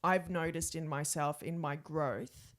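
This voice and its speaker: A woman's voice: low voice, steady tone, a little slow. A middle-aged Australian woman, co-hosting a podcast, telling rambling, self-reflective anecdotes in casual chat. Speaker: podcast co-host.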